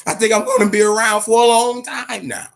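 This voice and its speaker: A man's voice: sits high, steady tone, brisk, vocal fry. A man hosting a boxing show, talking casually and profanely, amped up and fidgety, repeating himself often. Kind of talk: casual livestream talk.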